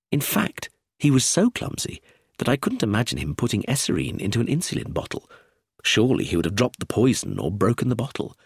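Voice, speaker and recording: A man narrating a story in the first person in an expressive storytelling manner. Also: fairly low pitch, gravelly, husky, no echo, clean studio sound. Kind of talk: audiobook narration.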